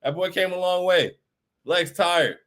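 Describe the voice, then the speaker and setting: A man's voice: high voice, unhurried, a bit bright. A man hosting a postgame fan stream, reading chat messages aloud and reacting in a hyped, emphatic voice that repeats lines for effect.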